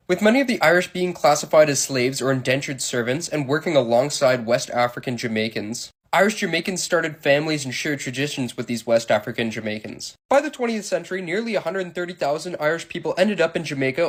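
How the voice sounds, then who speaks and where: A man giving scripted narration in a steady, explanatory way. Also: a little high.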